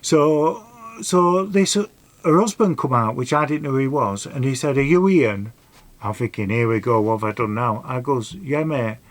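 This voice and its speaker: Speaking at a moderate pace and medium pitch, a middle-aged man tells a meandering personal tale on his casual vlog. His delivery is earnest and rambling, and his grammar follows his dialect.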